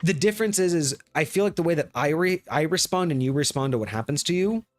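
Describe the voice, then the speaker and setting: A man hosting a tabletop gaming live stream in casual chat, animated and often acting out quick bits of dialogue. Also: fairly high pitch. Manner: animated, acts out quick snippets of players and guards. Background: faint background music.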